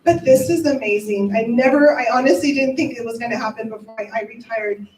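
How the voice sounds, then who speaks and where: A woman's voice: on the high side, brisk, darkish tone. A middle-aged woman teacher giving a heartfelt, emotional ceremony speech in a school cafeteria. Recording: echoey room from a distant mic.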